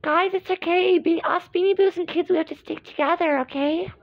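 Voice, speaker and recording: A woman voicing her toys in a play-acting video, squeaky and bickering as she switches between characters. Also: fairly even intonation, a little fast, no room sound, lo-fi sound.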